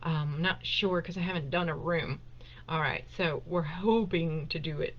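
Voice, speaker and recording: Hosting a live Q&A stream from home, a woman with a low voice chats casually and emotionally at a moderate pace, laughing often and using plenty of fillers. The desktop webcam mic makes the recording sound muffled.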